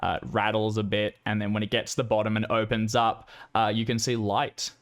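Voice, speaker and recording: A man's voice: on the low side, completely flat delivery. A man running a tabletop horror game as game master, narrating casually with fillers. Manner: casual, halting, many fillers.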